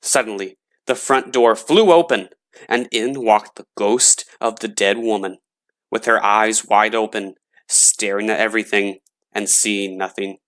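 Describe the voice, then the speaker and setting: A man narrating a scary story in a slow, dramatic reading voice. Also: on the low side, fairly bright tone.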